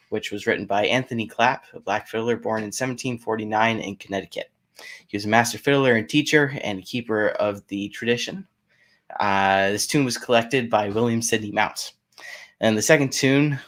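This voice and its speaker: A fiddle player from Maine, a man, explains the background of his tunes before he plays. His mid-range voice stays plain and modest, with small hesitations as he talks. He speaks from home over a video call. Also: mid-range voice.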